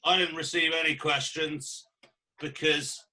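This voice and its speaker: A man's voice: a little high, flat delivery, unhurried, pushed and bright. A British man co-hosting a podcast, chatting in a blunt, crude and joking way. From United Kingdom. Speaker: podcast co-host. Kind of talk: casual podcast chat.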